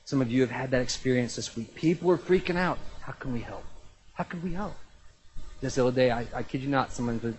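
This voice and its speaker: A man preaching a sermon in a conversational, animated way, with sudden jumps in pitch and loudness. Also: fast talker, a little hiss or hum, low-quality recording. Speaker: pastor.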